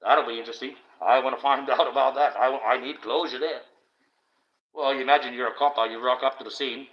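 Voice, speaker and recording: A man's voice: mid-range voice, steady tone, brisk. An Australian man hosting a livestream, delivering a blunt, profane, indignant rant. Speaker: livestream host. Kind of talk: ranting livestream monologue. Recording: dull lo-fi stream audio.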